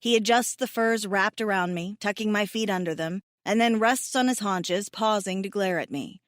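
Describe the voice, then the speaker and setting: A woman reads a first-person romance audiobook with an emotive, self-mocking delivery that leans tearful. Her voice sits at a middling pitch. The recording is dry and close, with no room sound. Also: moderate pace, no room sound. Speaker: audiobook narrator.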